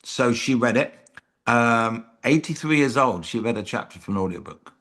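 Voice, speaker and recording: A British man talks casually as a podcast guest, spinning anecdotes with a self-mocking edge. His voice sits at an ordinary middle pitch, and he fills gaps with frequent ums. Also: animated, normal speed, fairly bright tone. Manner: chatty storyteller, self-deprecating jokes, many ums. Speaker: comedian guest. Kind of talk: casual chat.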